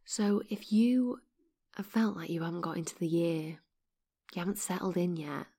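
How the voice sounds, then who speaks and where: Woman, podcast host, casual chat, slightly low pitch, upbeat, soft breathy asides. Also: moderate pace. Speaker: podcast host and meditation teacher.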